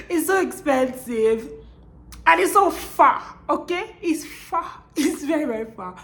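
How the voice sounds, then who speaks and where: Chatty Nigerian woman vlogger, higher voice. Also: expressive, slow pace. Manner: chatty, often tags lines with "okay?". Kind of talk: casual chatty vlog.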